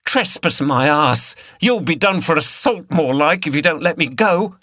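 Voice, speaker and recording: A man voicing a fierce, defiant young woman hunt saboteur who shouts and curses. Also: fairly low pitch, unhurried, breathy edge, no echo, studio quality, exaggerated voice. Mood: furious defiant. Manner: shouting, furious, cursing.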